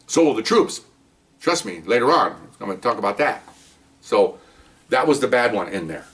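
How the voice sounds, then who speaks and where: A man's voice: fairly low pitch, sing-song, normal speed, fairly bright tone, recorded from a distance. An older man, a retired police officer, rambling through stories from his career and tagging many sentences with "okay?". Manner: rambling, many restarts, says "okay?" often. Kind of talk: casual storytelling monologue.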